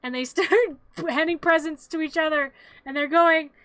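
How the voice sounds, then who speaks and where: A woman's voice: high voice, fairly even intonation, normal speed, pushed and bright, dry recording. A young adult woman streamer casually retelling a movie scene by scene, in a rambling, playful way with offhand jokes.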